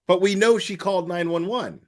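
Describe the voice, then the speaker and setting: Guy talking through a true crime case, kinda high voice, lots of restarts and "why wasn't this asked" questions. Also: brisk. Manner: skeptical, questioning, many restarts and rhetorical questions; acts out quoted dispatcher questions. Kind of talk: casual commentary.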